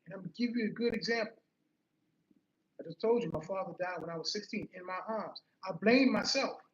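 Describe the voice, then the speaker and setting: A man's voice: high-pitched, a little fast, fairly bright tone. A man giving an earnest personal motivational talk, telling a story and repeating key phrases for emphasis. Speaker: motivational speaker. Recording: roomy, slightly muffled.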